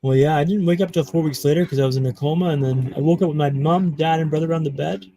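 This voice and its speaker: A man from Canada, a podcast guest, telling his own story with dramatic pauses. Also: a little high, gravelly, warm tone, no room sound, low-quality recording. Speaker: guest speaker.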